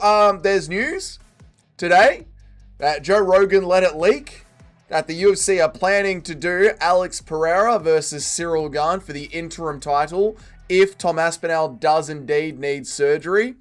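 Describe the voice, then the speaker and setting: A man hosting a casual livestream, greeting chat and joking around. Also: high-pitched. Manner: banters with chat, jokey and animated. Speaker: livestream host. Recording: faint music behind.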